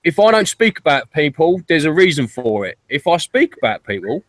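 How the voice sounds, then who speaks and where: A man's voice: a little high, big pitch swings, fairly quick, dry recording. A man hosting a casual group chat, talking in a reflective, rambling way with hesitant restarts. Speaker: channel host.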